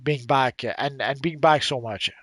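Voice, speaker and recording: A man hosting a casual gaming livestream, halting and repeating words with many fillers. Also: medium pitch, a bit bright, no room sound. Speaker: livestream host.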